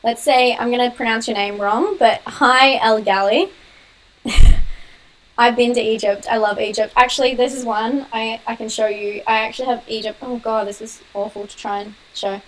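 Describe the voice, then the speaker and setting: A young woman hosting a casual live-stream Q&A on her horror channel. She talks quickly, laughs often and answers viewers' comments. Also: fairly high pitch, steady tone, low-quality recording.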